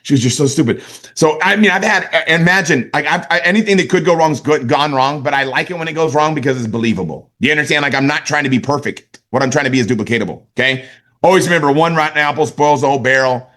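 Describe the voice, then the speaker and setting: A man giving an energetic motivational sales training, talking conversationally and often checking that his listeners follow him. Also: fairly high pitch, fast. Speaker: network marketing sales trainer.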